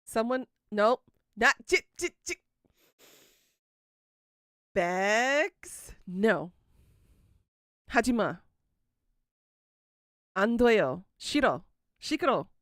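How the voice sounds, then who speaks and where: Slow, teasing woman in her thirties. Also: fairly high pitch, big pitch swings, fairly bright tone, dry recording, clean studio sound. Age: 30s. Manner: teasing, chatty, answering chat aloud. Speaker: livestream host. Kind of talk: casual chat with live viewers.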